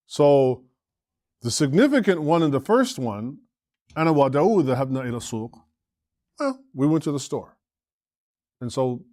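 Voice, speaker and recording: A man's voice: medium pitch, a little mellow, dry recording, studio quality. A man teaching a classroom lecture, explaining step by step, often asking the class questions and checking in with "right?". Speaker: Arabic teacher and imam.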